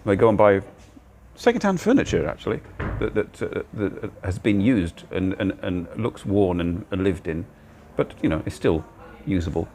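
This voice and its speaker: A man's voice: sits low, expressive, normal speed, darkish tone, a little hiss or hum. An older man hosting a casual livestream from a cafe, chatting in a rambling way while he eats, recorded on a phone on a gimbal. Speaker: livestream host. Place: cozy cafe, indoors. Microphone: phone on a handheld gimbal.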